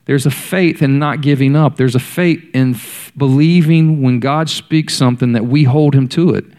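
A man's voice: medium pitch, moderate pace, a little mellow. A man delivers a sermon in an ordinary mid-range voice. He tells the stories and keeps turning to his listeners with direct questions. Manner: storytelling, voicing the characters in quotes; addresses the congregation directly. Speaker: preacher.

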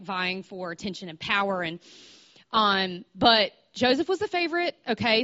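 A woman's voice: medium pitch, a bit bright, dull audio. A woman in her thirties giving an informal sermon, telling a story in a conversational way, with restarts and questions put to her audience. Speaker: speaker at a church gathering.

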